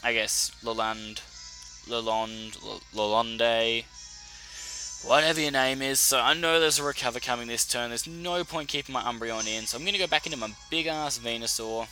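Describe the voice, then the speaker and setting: Bright, animated young Australian man. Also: mid-range voice, fast, hardly any pauses, faint music behind. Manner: animated, profane, self-correcting. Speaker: YouTuber. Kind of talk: casual battle commentary. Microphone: desk mic.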